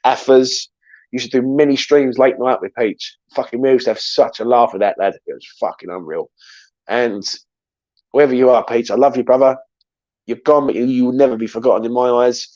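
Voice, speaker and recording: A man's voice: mid-range voice, a little mellow, no room sound, dull audio. A man who hosts a football fan channel, talking casually and emotionally on a live stream, swearing often and answering chat comments.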